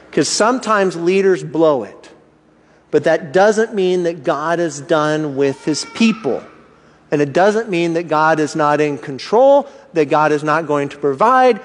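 Animated high-voiced male preacher. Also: big-room sound. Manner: animated, rhetorical questions, acts out inner thoughts. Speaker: pastor. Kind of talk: sermon.

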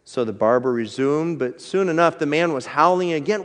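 A man's voice: a little high, lively intonation. Earnest male pastor in a reverberant church. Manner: earnest, conversational, slows down for emphasis. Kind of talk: sermon.

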